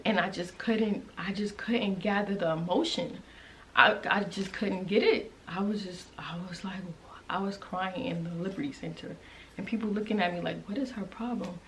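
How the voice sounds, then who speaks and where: Young woman vlogger, lowish voice, emotional and halting, casual storytime to her viewers. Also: a little hiss or hum, poor audio. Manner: emotional, halting, with many restarts and fillers; conversational and direct to viewers.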